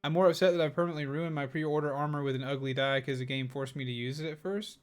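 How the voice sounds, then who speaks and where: A man's voice: on the high side, fairly even intonation, quick pace, smooth. A man streaming a game live, chatting casually and upbeat, often thanking viewers. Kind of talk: casual live gaming commentary.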